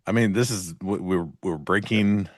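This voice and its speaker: A man co-hosting a live trading show, chatting casually and explaining market ideas in a relaxed way. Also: deep voice, moderate pace, no echo, studio quality.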